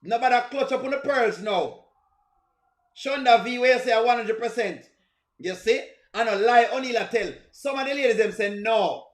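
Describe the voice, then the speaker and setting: A man's voice: very high voice, normal speed. A man with a Jamaican accent hosting a live reaction stream, teasing and greeting viewers in the chat. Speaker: livestream host. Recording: echoey room.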